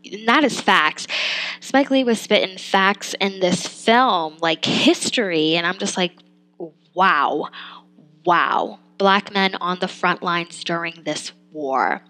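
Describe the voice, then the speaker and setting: A woman's voice: lowish voice, a little slow, pushed and bright, low-quality recording. A young adult woman hosting a podcast, giving a casual spoken film review, chatty and thinking aloud, laughing and trailing off between points.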